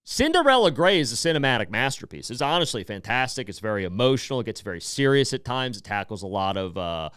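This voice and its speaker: A man in his thirties hosting a podcast, talking in a rambling, animated way with swearing and emotional swings. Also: medium pitch, fast, few pauses, clean tone, no room sound, clean studio sound. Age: 30s. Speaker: podcast host. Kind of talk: casual comedic monologue.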